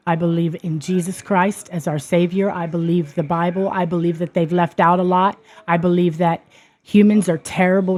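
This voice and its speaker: A woman's voice: on the low side, darkish tone. A woman hosting her own show, telling a personal story in an earnest way that turns emphatic and heated. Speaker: podcast host. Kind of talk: personal testimony monologue.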